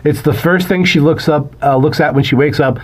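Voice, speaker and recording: A man's voice: a little high, brisk. A man co-hosting a film podcast, chiming in with wry, sarcastic asides in casual chat. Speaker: podcast co-host.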